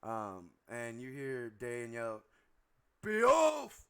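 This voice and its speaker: A man narrating as game master of a tabletop game, describing scenes in a relaxed way with frequent ums. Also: mid-range voice, measured pace, clear, resonant tone, low-quality recording.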